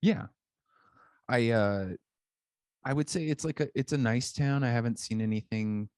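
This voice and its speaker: A man's voice: medium pitch, measured pace, darkish tone, smooth, no room sound. A man co-hosting a podcast, telling rambling stories in a dry, understated way over a remote call. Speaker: podcast co-host. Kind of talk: casual chat.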